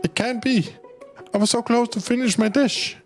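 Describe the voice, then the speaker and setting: A man's voice: extremely high pitch, steady tone, normal speed, soft background music, voice pushed up. A man voicing a smug, whiny young woman who is a rival cook in a game.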